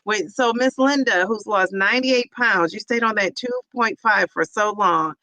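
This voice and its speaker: Bright, chatty woman hosting a livestream. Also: medium pitch, dry recording, low-quality recording. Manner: chatty, laughs often, drawn-out sing-song repeats of names. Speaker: livestream host and teacher. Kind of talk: casual livestream chat reading viewer comments.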